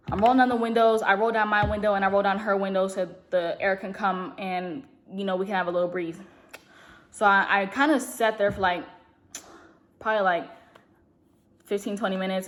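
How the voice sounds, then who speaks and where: A young woman vlogger telling a long story in a casual, rambling way, talking fast and full of fillers. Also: medium pitch, fairly bright tone. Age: young adult. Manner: speaks fast.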